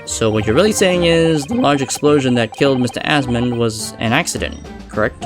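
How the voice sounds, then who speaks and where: A man's voice: medium pitch, lively intonation, fairly quick, over music, lightly acted. A man voicing an earnest young male defense lawyer, asking polite, puzzled questions while reading game dialogue.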